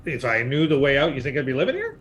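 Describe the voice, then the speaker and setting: A giant, hungry male spider that talks in a high, rough voice, as a man puts him on. His pitch swings wide and lively, and his tone is bright. A faint hiss sits behind him. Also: fast. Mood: dry.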